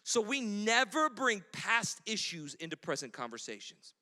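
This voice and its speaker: A man preaching a sermon as pastor, animated, mimicking quarrels in a shrill voice. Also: moderate pace, long reverb tail. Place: church hall.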